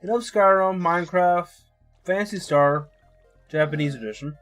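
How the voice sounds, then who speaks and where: A man on a casual stream, laid-back, chatting and giving shout-outs to another streamer. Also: high voice, normal speed, soft background music. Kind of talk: casual chat with friends.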